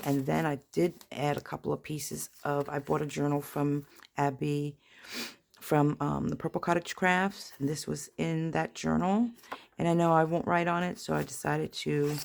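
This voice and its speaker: A woman with a low, gravelly voice talks casually as she pages through a handmade journal. She rambles and pokes fun at herself, and paper crinkles under faint noise. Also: steady tone, normal speed, darkish tone. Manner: chatty, rambling, self-deprecating asides. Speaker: junk journal crafter. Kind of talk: casual flip-through narration. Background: paper rustling and crinkling.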